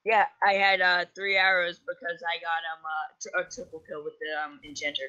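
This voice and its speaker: A man's voice: on the high side, little pitch movement, fairly quick, pushed and bright, lo-fi sound. A man chatting goofily while playing a video game with a friend. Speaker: gamer co-host. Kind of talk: casual gaming chat.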